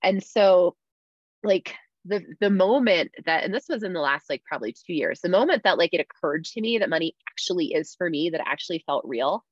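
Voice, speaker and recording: A woman with a lowish, slightly rough voice speaks briskly with lively intonation in a casual podcast chat. She's candid and chatty, using lots of "like" fillers, and the recording sounds dry and slightly dull.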